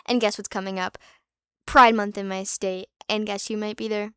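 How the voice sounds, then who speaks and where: A woman's voice: mid-range voice, little pitch movement, moderate pace, sharp tone, clean tone, no echo, studio quality. A young woman vlogging in casual chat, rambling and candid, with lots of fillers and restarts, swearing freely and sometimes dropping to a whisper for asides.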